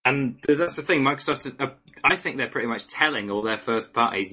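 A man's voice: mid-range voice, fairly quick, few pauses, pushed and bright, slightly rough. A man hosting a casual gaming podcast, sarcastic and joking.

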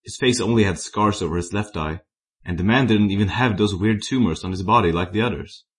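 Man narrating fan fiction, very low voice, plain reading with small slips. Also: a little fast, breathy edge. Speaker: story reader.

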